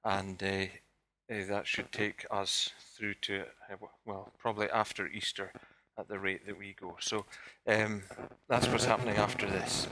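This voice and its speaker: Bright-voiced pastor preaching. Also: male voice, on the low side, a little hiss or hum. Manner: direct rhetorical questions to the congregation. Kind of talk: sermon. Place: church service.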